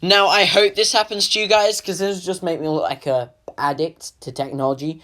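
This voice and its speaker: A man's voice: high voice, steady tone, moderate pace, pushed and bright. A young man narrating a comic animation in a rambling, self-deprecating way. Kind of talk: comedic voice-over narration.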